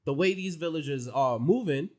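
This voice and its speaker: A man hosting a casual podcast chat, slangy and animated, talking in quick rushes. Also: fairly high pitch. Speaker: podcast host. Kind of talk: casual anime recap chat.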